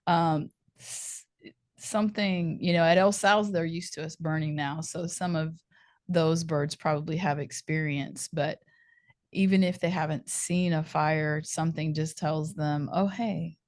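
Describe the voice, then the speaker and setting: A woman hosting a podcast, chatty and animated, laughing often as she talks. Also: sits low, a little slow, dry recording, clean studio sound. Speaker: podcast host. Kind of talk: podcast interview.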